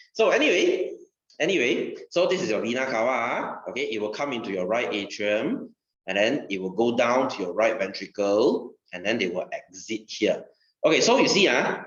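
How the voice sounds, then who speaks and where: A man's voice: mid-range voice, fairly bright tone, reverberant, dull audio. A man with a Malaysian English accent teaching a science class, joking and asking students questions. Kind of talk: classroom lesson.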